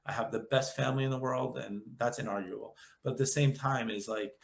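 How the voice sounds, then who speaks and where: Fast-talking nasal New York man. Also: medium pitch, fairly even intonation, vocal fry, roomy sound. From Long Island, New York. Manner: rambling, upbeat, jokey. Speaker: guest. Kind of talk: casual interview chat.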